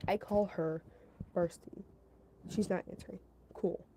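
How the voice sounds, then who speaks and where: Rambling, mellow-voiced woman telling a story. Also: lowish voice, fairly even intonation, measured pace, a little hiss or hum, low-quality recording. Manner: rambling, filler-heavy, repeats herself, giggles; talks to her chat between story parts. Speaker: storytelling streamer. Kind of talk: casual storytime chat.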